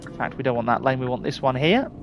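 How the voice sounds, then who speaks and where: A man's voice: medium pitch, fast, background noise. A middle-aged man with a Surrey accent, chatting casually to viewers while live-streaming a game, reading out their names and laughing often. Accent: Surrey English. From England.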